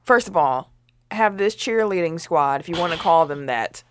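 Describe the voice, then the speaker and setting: Animated woman scolding with sass. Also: fairly low pitch, normal speed, a little hiss or hum. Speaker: co-host. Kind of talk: casual commentary chat.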